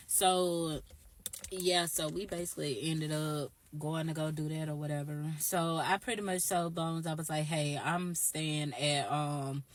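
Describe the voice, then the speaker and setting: A young woman telling a storytime vlog, blunt, profane and animated. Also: low voice. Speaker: YouTuber.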